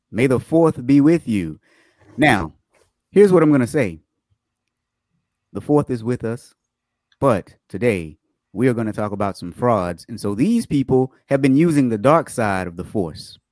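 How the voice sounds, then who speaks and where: A man's voice: mid-range voice, no room sound, clean studio sound. A man hosting a livestream, chatting upbeat with viewers and greeting them by name before reading fraud news stories. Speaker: livestream host.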